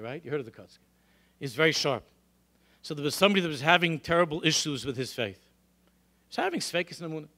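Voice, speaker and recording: Middle-aged man, rabbi giving a synagogue lecture, fairly high voice, bright and forceful, lively storytelling. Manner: animated storytelling with rhetorical questions. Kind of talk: lecture to a congregation. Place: synagogue hall.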